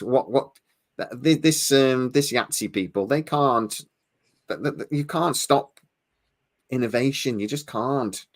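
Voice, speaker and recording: A tired man co-hosting a podcast, chatting casually and stammering as he rambles. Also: medium pitch. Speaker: podcast co-host. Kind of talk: casual chat.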